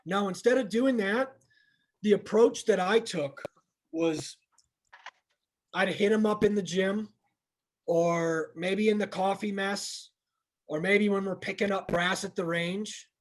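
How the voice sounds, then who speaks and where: Middle-aged male instructor, earnest and plainspoken, slightly raised pitch, candid training-talk delivery. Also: slow pace, pauses often. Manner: earnest, plainspoken, restarts often. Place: training session room.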